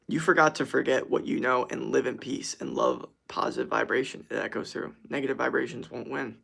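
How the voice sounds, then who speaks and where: Young guy on a chill livestream reading chat out loud, laughs a lot, kinda gravelly voice. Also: medium pitch, steady tone, brisk. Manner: laid-back, reads comments aloud, laughs easily. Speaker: streamer answering chat.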